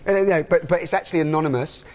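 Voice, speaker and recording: A man's voice: on the high side, racing. A man chatting enthusiastically in an interview, rambling with many restarts. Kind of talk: casual chat.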